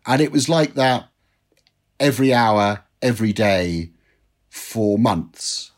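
A man from England, a writer being interviewed, telling stories in an animated, self-deprecating way with lots of "you know". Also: on the low side, slow pace. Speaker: guest, drinks writer. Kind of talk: conversational interview answers.

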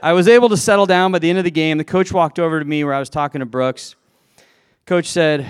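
Man, storytelling to an audience, self-deprecating, chuckles, restarts sentences, slightly high voice. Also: quick pace, clean tone, dry recording. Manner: chatty, self-deprecating, laughs at himself, frequent restarts. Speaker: speaker addressing a live audience.

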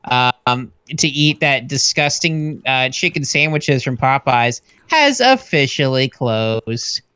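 A man co-hosting a comedy podcast, rambling in casual banter with lots of halting restarts. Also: mid-range voice, animated, bright, forceful tone, clean tone, dry recording. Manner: rambling, halting, full of "you know" and restarts. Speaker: podcast co-host.

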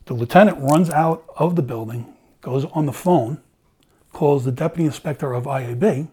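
Husky, mellow-voiced middle-aged man. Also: fairly high pitch, normal speed. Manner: animated, acts out dialogue, swears freely. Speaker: former police officer telling his story. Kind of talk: casual storytelling in conversation.

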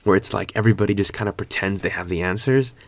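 A young man in his twenties rambling through a casual vlog, loose and slangy with plenty of swearing and fillers. His voice sits low with a gravelly edge. The sound is close and dry, with no room around it. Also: fast talker, dry recording. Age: 20s. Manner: laid-back, slangy and profane, rambling with fillers. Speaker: vlogger.

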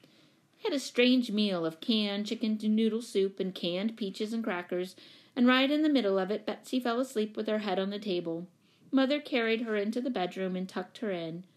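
A woman narrates a children's novel in a calm, even voice. Her pitch sits in an ordinary middle range, and her pacing is steady. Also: moderate pace. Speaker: audiobook reader. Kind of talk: reading a children's novel aloud.

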